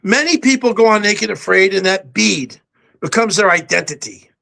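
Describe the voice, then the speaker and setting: An older man, a podcast guest, telling stories in a brisk, self-assured way. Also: high voice, lively intonation, creaky, bright, forceful tone. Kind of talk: casual podcast chat. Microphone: home setup with a backdrop.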